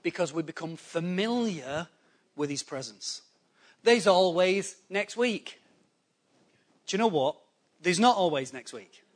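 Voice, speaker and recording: High-voiced animated male preacher. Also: unhurried, pauses often. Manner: animated, acts out excuses in quoted voices, conversational asides. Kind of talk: sermon. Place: church hall before a congregation.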